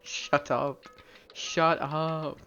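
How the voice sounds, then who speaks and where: A man's voice: on the high side, little pitch movement, very slow, bright, forceful tone, dull audio, faint music behind. A man streaming a video game, chatting casually and rambling, joking around and swearing freely. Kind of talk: casual live-stream chat.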